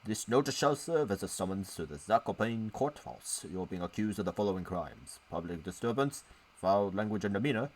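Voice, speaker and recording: A man's voice: lowish voice, animated, brisk, poor audio. A man voicing a stuffy old-time judge with a put-on old British accent, reading out a formal court summons in a stilted way. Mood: stern formal.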